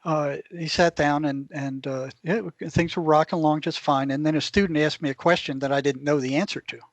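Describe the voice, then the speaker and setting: A man sits in as a guest and tells stories with animation, jumping into the voices of the people in them. His voice sits a little high. The sound is dry, with no room around it. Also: fairly quick, dry recording. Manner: animated anecdotes, acts out others' lines. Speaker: former clinician. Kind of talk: conversational storytelling.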